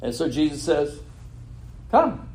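A man's voice: on the high side, measured pace, a little mellow. A man preaching a sermon who reads a scripture passage, then retells it in his own words and asks rhetorical questions. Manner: laughs at his own slip and corrects himself.

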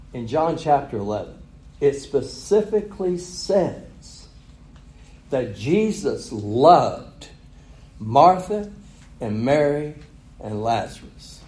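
A man's voice: a little high, mellow, reverberant, rough recording. A man preaching a sermon, retelling a story with chuckles and rhetorical questions. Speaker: pastor.

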